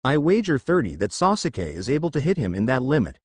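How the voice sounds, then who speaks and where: A man's voice: mid-range voice, big pitch swings, a little fast, slightly rough, no room sound. A man voicing an evasive adult male ninja teacher who sounds defensive and sheepish. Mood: flustered.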